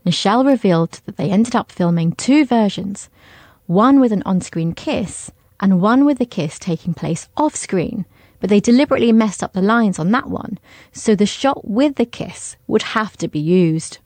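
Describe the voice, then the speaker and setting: A woman giving scripted documentary narration in a clear, measured delivery. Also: medium pitch, lively intonation, darkish tone, dry recording.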